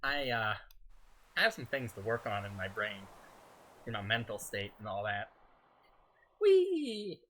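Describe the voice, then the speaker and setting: A man streaming a game, talking casually in a soft-spoken, rambling way with frequent chuckles. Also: fairly low pitch, normal speed, pauses often, slight background noise. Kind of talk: casual gaming stream chat.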